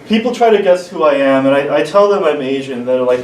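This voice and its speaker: A man performing a stumbling open-mic stand-up set in a small comedy club, restarting his sentences often. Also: mid-range voice. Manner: halting, stumbling delivery with many restarts. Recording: echoey club, distant mic, room noise.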